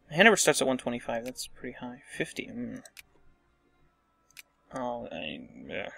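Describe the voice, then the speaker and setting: Bright, gravelly man thinking aloud. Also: medium pitch, very animated, measured pace, pauses often, dry recording. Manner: thinking aloud, muttering asides. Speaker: let's play host. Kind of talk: casual strategy game commentary.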